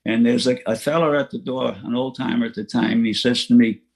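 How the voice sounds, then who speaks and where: Older man, middle pitch, plain-spoken storyteller at a recovery meeting, restarts and small laughs, online-meeting audio. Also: fairly even intonation, fairly quick, gravelly. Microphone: online meeting from home.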